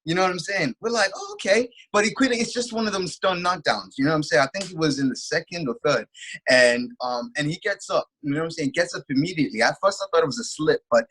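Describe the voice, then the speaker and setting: A man's voice: fairly high pitch, quick pace, a bit bright, poor audio. A man co-hosting a casual chat, telling a fight story with lots of filler phrases. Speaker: co-host.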